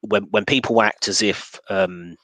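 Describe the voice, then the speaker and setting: Deep-voiced hesitant man, dry sound. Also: steady tone, measured pace, fairly bright tone, no echo, low-quality recording. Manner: hesitant, many restarts and fillers. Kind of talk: casual discussion.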